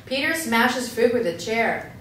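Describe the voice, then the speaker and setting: A woman reading the stage directions aloud in a script table read, brisk and matter-of-fact. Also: on the high side, expressive, fairly bright tone. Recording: echoey room, distant mic, faint hiss.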